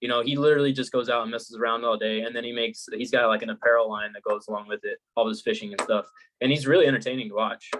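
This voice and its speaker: A young man with a medium-pitched voice tells stories in a relaxed podcast chat. He is animated and laughs easily. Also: quick pace, background noise. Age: young adult. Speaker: podcast co-host. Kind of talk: casual chat.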